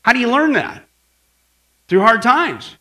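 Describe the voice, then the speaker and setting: Animated high-pitched male preacher. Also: unhurried. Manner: animated storytelling with acted shouts and asides; keeps asking the audience "right?". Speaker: pastor teaching apologetics. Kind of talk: sermon.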